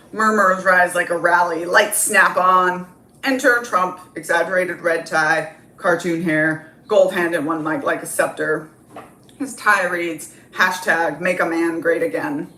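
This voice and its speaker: A woman's voice: fairly low pitch, slow, pushed and bright, echoey room, slight background noise. A woman reading a comedy script aloud, with casual, offhand asides. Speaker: script reader.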